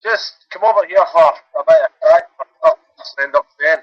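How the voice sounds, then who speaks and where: A man's voice: on the high side, a little fast, dry recording. A Glaswegian man calling in to a phone-in show, laid-back and joking. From Glasgow. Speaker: caller. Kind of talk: casual phone-in chat. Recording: dull lo-fi phone call.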